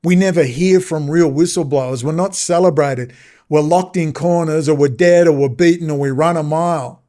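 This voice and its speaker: A man's voice: on the high side, normal speed, warm tone. A man hosting a solo political commentary, agitated, sarcastic and mocking. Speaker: host and commentator.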